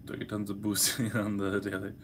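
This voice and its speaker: A man's voice: on the low side, monotone, a little fast, noisy background. A young man hosting a casual livestream, hungover, reading chat questions aloud and answering in a laid-back, profane way.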